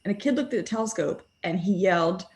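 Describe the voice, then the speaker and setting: A woman telling an animated, laughing anecdote about an outreach event. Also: on the low side, quick pace.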